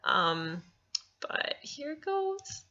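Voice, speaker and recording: A woman's voice: high voice, very animated, extremely slow, bright, forceful tone. A young woman chatting casually as a vlogger, answering viewer questions and laughing often. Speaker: cosplay vlogger. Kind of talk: casual vlog Q&A. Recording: dull lo-fi home recording.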